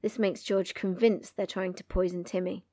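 A woman's voice: on the low side, level tone, normal speed, mellow, no echo, clean studio sound. A woman co-hosting a book podcast, recapping chapters and reading passages aloud with character voices. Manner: reads dialogue in character voices.

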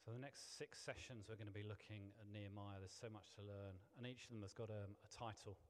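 A man's voice: on the low side, fairly even intonation, a little fast. A middle-aged man, a vicar, preaching a sermon in a chatty, self-deprecating way with many restarts. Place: church hall. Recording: long hall reverb.

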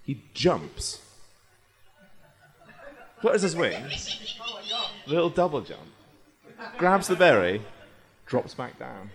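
A man's voice: mid-range voice, huge pitch swings, slow, vocal fry, long pauses. Man narrating improvised comedy. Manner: rambling, playful storytelling. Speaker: host and narrator of a comedy game.

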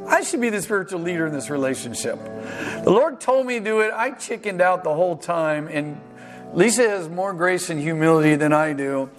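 A male pastor preaching a sermon, telling a self-deprecating story with halting restarts and acted-out dialogue. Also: high-pitched, expressive, soft background music. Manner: halting restarts and repeated words.

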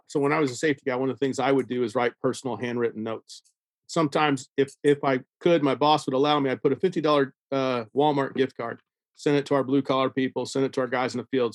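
Animated man telling a story. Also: mid-range voice, no room sound. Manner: animated storyteller, acts out quoted dialogue. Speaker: safety consultant, podcast guest. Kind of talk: casual storytelling.

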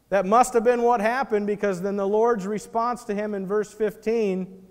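A man preaching a sermon as pastor, animated and acting out the voices in the scripture he reads. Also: sits high, moderate pace, big-room sound.

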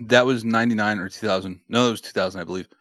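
Low-voiced joking male podcast host. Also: steady tone, racing, fairly bright tone, dry recording, clean studio sound. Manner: joking, sarcastic, blunt. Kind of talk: casual wrestling chat.

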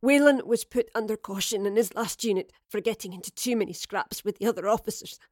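A woman voicing a stern female commander who is badly wounded, speaking in a strained, gasping, halting way in an audio drama reading. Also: medium pitch, dry recording, studio quality, lightly acted. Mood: strained, urgent. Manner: halting, breathy, urgent.

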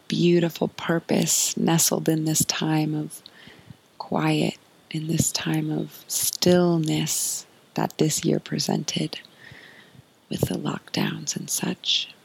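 A woman hosting a podcast, giving a soft, earnest spiritual monologue in a breathy, often whispered voice. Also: sits low, sing-song, takes it slowly, low-quality recording. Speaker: podcast host.

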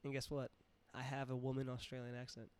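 Fast-talking New man, joking podcast co-host. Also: mid-range voice, clean tone. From New York. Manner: joking, animated, swearing. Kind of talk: casual chat.

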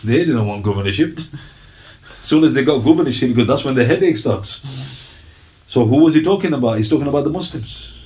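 A man teaching a religious lesson, telling stories in a lively way and citing sources by number. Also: mid-range voice, fairly quick, pauses often. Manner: lively storyteller, cites hadith sources by number. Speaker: Islamic teacher.

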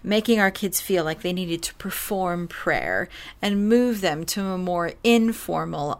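Tired woman giving a casual parenting talk. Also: fairly low pitch. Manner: earnest, conversational, yawning at times. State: tired, short on sleep. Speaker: podcast host and parenting speaker.

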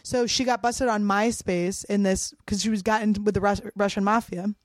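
A woman's voice: medium pitch, steady tone, moderate pace, no echo, clean studio sound. A woman from Philadelphia, a comedian, telling a wild story in a casual, profane way. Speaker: comedian guest.

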